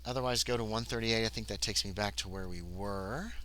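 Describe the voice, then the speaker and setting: Slightly fast and a bit bright, this fairly low male voice comes with slight background noise. He's livestreaming a one-player tabletop game, voicing the game text and chatting loosely with viewers and himself between readings.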